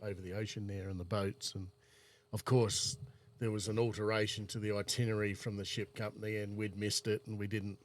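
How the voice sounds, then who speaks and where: A man's voice: lowish voice, flat delivery, brisk, slight background noise. A man with an Australian accent, casually rambling through travel anecdotes on a chat podcast. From South Australia. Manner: rambling anecdotal storyteller, laid-back.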